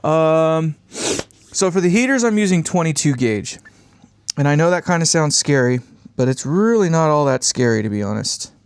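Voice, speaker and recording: A man's voice: fairly high pitch, animated, normal speed, clean tone, no room sound, studio quality. A man with congested sinuses chatting in a rambling, laid-back way while building an amp on a live stream, swearing casually and chuckling often.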